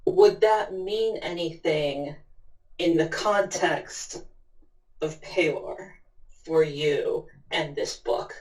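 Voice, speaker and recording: A woman playing a tabletop game, with a voice pitched lower than most women's. She speaks slowly and deliberately, describing her character's actions. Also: darkish tone, echoey room, low-quality recording. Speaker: player. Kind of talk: casual tabletop play.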